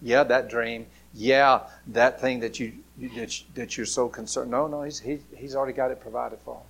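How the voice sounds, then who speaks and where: A man preaching a storytelling sermon, swinging between loud bursts and hushed, near-whispered lines. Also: medium pitch, steady tone, moderate pace, gravelly.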